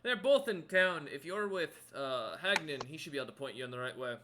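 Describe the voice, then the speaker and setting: A man playing a booming jolly scarred sea captain. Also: expressive, brisk, background noise, natural voice. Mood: apologetic. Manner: loud, jolly, laughing bellow. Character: boisterous scarred male sailor captain.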